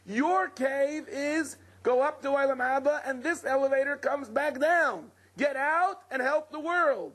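A rabbi with a high, husky voice delivers a Torah lecture. He tells stories with flair and acts out each person he quotes. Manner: dramatic storyteller who acts out quoted speakers. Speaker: rabbi teaching a Torah class.

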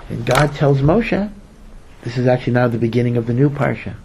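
A rabbi gives a Torah sermon, and the man tells it as a story. He repeats words for emphasis and briefly takes on the voices of the people he quotes. His pitch sits in an ordinary middle range for a man. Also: lively intonation, a little fast, darkish tone, breathy edge, low-quality recording. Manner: acts out quoted speakers.

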